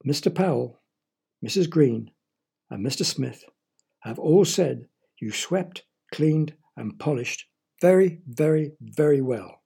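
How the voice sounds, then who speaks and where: A man's voice: on the high side, animated, slow, vocal fry, mellow, husky, heavily acted. A man voicing a firm, scolding father in a children's story. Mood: teasing. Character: stern but fond father.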